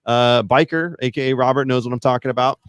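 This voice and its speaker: A man's voice: mid-range voice, fairly even intonation, fast, clear, resonant tone, no echo, studio quality. A man, a podcast guest, chatting casually in a rambling, self-deprecating way that hedges a lot. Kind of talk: casual chat.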